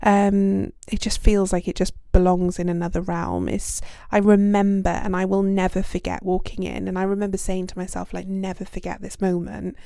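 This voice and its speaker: A young British woman chats through a relaxed solo podcast, self-deprecating and full of little fillers. Her voice is mellow and warm at a middle pitch. The recording is dry and close to the mic. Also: moderate pace, gravelly, few pauses, clean tone, no room sound. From United Kingdom. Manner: chatty, self-deprecating, lots of ums and likes. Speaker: podcast host. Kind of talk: casual reflective monologue.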